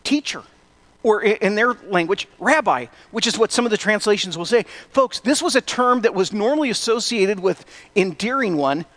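A man's voice: high-pitched, expressive, moderate pace, fairly bright tone. A middle-aged man preaching a sermon in a conversational way, with self-deprecating asides. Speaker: pastor.

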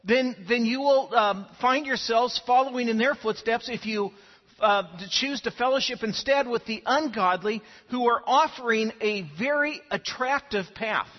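A male pastor gives an earnest sermon in a high, husky voice, often repeating words as he starts his phrases. The recording is dull and lo-fi, with a long reverb trailing through a church hall. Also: normal speed. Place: church sanctuary.

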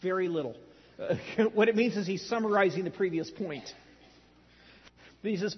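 A man's voice: high voice, normal speed, long pauses, slightly rough. A middle-aged man preaching a sermon, telling stories in a conversational way with dry humor. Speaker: pastor. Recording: dull lo-fi sound in a large hall.

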